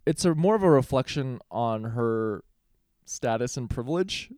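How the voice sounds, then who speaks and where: A man co-hosting a podcast in easy conversation, weighing his words and thinking aloud as he goes. His voice sits at a middling pitch on a dry, close microphone with no room sound. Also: animated, a little mellow, no room sound. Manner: measured, thinks aloud with hesitations. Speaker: podcast co-host. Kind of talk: casual chat.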